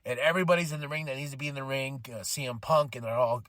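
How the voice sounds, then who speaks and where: A man hosting a podcast, giving an excited, emotional casual recap of a wrestling show. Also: medium pitch, fast talker, dry recording. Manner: excited, emotional, animated retelling with laughs. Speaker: podcast host.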